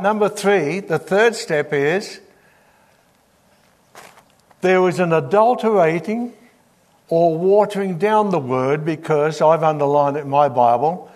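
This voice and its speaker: A man preaching a teaching sermon to a congregation, reading scripture aloud and putting questions to his listeners. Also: a little high.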